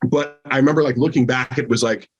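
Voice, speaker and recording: A man's voice: mid-range voice, fairly even intonation, fast, highs cut off, soft background music. A man telling a rambling story in casual chat, packed with fillers.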